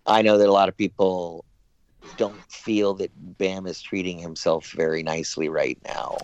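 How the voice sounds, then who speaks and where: A man's voice: sits low, steady tone, moderate pace, a little mellow, no room sound. A man rambles through anecdotes, breaking into other people's voices as he tells them. His voice arrives over a remote call, dull and lo-fi, and very dry. It sounds like a loose, casual interview. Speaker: guest actor.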